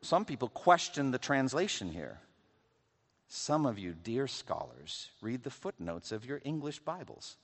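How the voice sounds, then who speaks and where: A man's voice: mid-range voice, big pitch swings, unhurried, vocal fry. A man preaching a sermon as pastor, reading scripture aloud with conversational, wry asides to the congregation. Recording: long reverb of a large hall.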